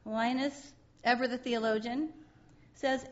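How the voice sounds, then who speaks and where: A woman's voice: medium pitch, lively intonation, normal speed, muffled recording. A woman giving a sermon in a chatty, conversational way, often breaking into laughter.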